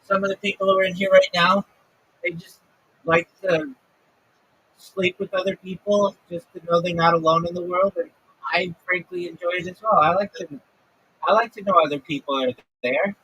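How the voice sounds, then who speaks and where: A man's voice: high-pitched, steady tone, normal speed, sharp tone, husky, highs cut off. A man talking casually on his livestream, ranting and swearing freely. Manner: profane, ranting.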